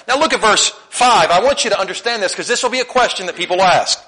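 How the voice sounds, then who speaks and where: A man's voice: high-pitched, fast talker, sharp tone. A male preacher delivering a conversational sermon, asking the congregation questions and laughing often.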